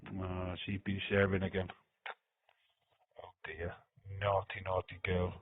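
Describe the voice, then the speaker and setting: A man's voice: deep voice, completely flat delivery, a little slow, breathy edge, dry recording. A man hosting a live watch-along stream, reading chat comments aloud and joking, teasing and laughing often. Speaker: livestream host. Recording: dry, phone-like lo-fi sound.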